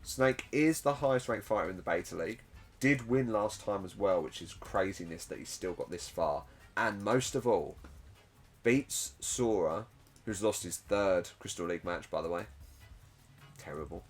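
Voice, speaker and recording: A man giving casual, chatty commentary on a computer-run fighting game tournament, excitable with joking self-mocking asides. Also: deep voice, moderate pace, faint music behind.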